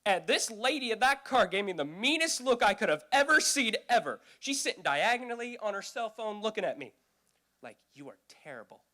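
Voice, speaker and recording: A young man performing a stand-up comedy routine, telling a story with lively shifts and squeaky put-on voices for the people he quotes. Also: brisk. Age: young adult. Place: youth event stage.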